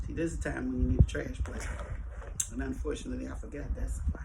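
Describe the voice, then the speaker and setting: A woman's voice: very deep voice, level tone, gravelly, very noisy. A woman hosting an eating show, chatting casually to viewers and humming with pleasure between bites, often talking with her mouth full. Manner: chatty, drawn-out savoring hums, talks with mouth full. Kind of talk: casual mukbang chat while eating.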